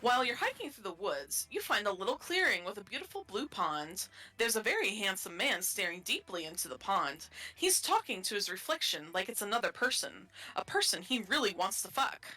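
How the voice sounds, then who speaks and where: A woman's voice: mid-range voice, sing-song, fairly quick, hardly any pauses, sharp tone. A woman streamer reading game text aloud playfully, laughing often.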